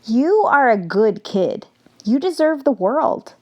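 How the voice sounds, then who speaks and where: A woman's voice: high voice, very animated, slow, dull audio, pitched above the performer's own voice, full character voice. Woman reading as an earnest middle-aged teacher.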